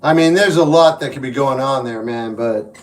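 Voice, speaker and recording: A man's voice: mid-range voice, moderate pace. A man from New Jersey hosting a livestream, reading viewer comments and giving blunt, wry advice. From New York / New Jersey. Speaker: livestream host and musician. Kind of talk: casual livestream chat answering viewers.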